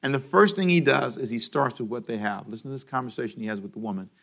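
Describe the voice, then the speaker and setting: A man preaching a sermon for a daily radio program, animated, and having his congregation repeat lines after him. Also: mid-range voice, quick pace, vocal fry. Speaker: pastor.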